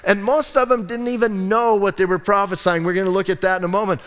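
Conversational preaching man, higher voice. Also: fairly even intonation, fast talker, a bit bright, smooth, long reverb tail. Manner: conversational storytelling preaching with asides and restarts. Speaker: pastor. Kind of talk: sermon. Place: church sanctuary.

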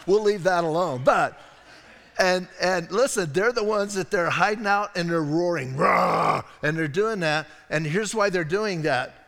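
Male pastor, slightly higher voice, casual digressive sermon, long hall reverb. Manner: conversational, digressive, animated asides. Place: church sanctuary.

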